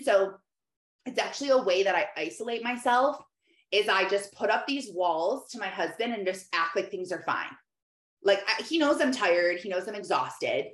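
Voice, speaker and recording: Woman, personal monologue, candid and conversational, echoey room. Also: medium pitch. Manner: candid, conversational, animated storytelling. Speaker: faith and lifestyle speaker.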